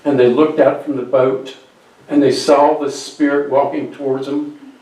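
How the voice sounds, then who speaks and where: A male pastor telling a Bible story in a conversational sermon with halting restarts, recorded from a distance in an echoey church. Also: medium pitch, little pitch movement, dark tone. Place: church sanctuary. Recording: very echoey hall, distant mic.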